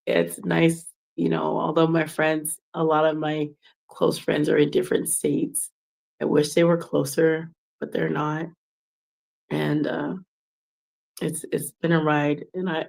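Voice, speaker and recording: A woman's voice: sits low, creaky, a little mellow. A woman in her forties hosting a podcast, talking casually and personally late at night, acting out the exchanges she recalls. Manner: casual, chatty, acts out quoted exchanges. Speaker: podcast host.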